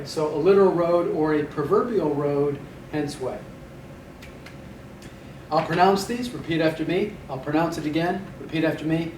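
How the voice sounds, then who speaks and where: A man's voice: fairly high pitch, darkish tone. Joking man teaching vocabulary in an echoey room. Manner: dry punning humor, drills words by repeating them. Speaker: Hebrew instructor. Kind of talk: recorded vocabulary lecture. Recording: echoey room, mic at a distance, faint background noise.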